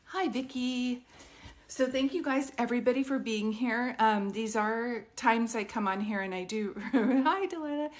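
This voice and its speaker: Woman, fairly high voice, psychic medium on a phone livestream from home, chatty, reads out comments and greets viewers by name. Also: a little slow. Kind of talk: casual livestream chat. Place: at home with her dog.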